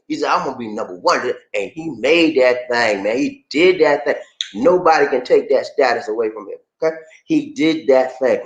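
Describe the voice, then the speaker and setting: A man hosting a casual livestream, playful and animated, greeting viewers by name and laughing often. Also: mid-range voice, moderate pace. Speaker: livestream host. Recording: echoey room.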